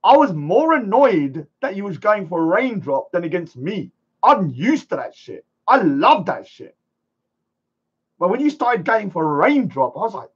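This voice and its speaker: A man hosting a live stream, chatting casually and rambling, sometimes shouting at viewers. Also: sits high, very animated, measured pace, breathy edge. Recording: dull lo-fi stream audio.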